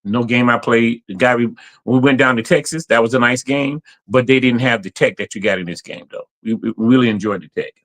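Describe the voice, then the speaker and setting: A man in casual podcast chat, telling animated stories, acting out quotes and laughing often. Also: medium pitch, a little fast. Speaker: guest player.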